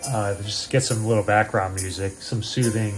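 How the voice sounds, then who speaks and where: A man, a priest co-hosting a casual podcast, who jokes and teases and cuts in with quick asides, with faint music behind him. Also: on the low side, steady tone. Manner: joking, teasing, interrupts with quick asides. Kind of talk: casual chat.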